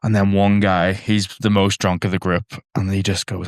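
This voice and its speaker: Comedy podcast co-host, low smooth voice, animated yarn-spinner who shouts out the quotes. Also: male voice, fairly quick, hardly any pauses, dry recording, studio quality. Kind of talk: casual chat.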